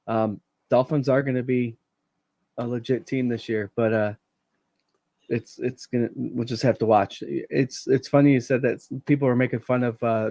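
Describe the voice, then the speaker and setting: A man's voice: medium pitch, mellow, no room sound. A man co-hosting a casual sports panel podcast, giving his game picks in a slightly hesitant way. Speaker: podcast co-host.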